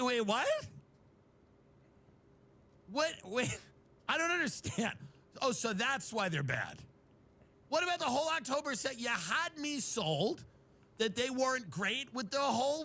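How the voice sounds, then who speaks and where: Man, very high voice, bright and sharp tone, sarcastic comedic rant, incredulous. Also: big pitch swings, normal speed, long pauses. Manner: acts out friends' voices in mocking asides.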